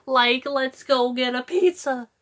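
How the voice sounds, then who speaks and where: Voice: sits high, takes it slowly, fairly bright tone, pitched above the performer's own voice. A performer doing a cartoon voice impression of a lanky, laid-back, cowardly young man with a drawling surfer manner. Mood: mellow. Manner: drawling, slack surfer-like delivery with frequent "like".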